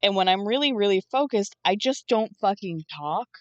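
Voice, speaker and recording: A woman's voice: medium pitch, animated, normal speed, no echo, highs cut off. A young woman streamer chatting casually while she draws, groggy from just waking up, rambling and swearing now and then. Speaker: streamer and artist. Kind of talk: casual live-stream chat.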